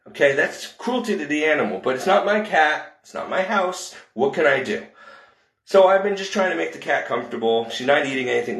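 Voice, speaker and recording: A man venting about caring for an elderly woman, rambling in frustration, with quick rushes and slow, heavy emphasis. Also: fairly high pitch, a bit bright, reverberant. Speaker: caregiver telling his story. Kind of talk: emotional personal vlog rant.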